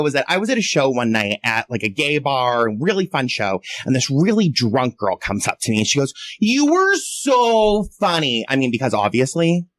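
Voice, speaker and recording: A male stand-up comedian working a club crowd, his pitch leaping all over as he mocks himself and squeals out other people's lines. The sound is dry and close on a handheld mic. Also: fairly bright tone, dry recording. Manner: chatty, self-mocking, jumps into high shrieky voices for quoted people. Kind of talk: stand-up set.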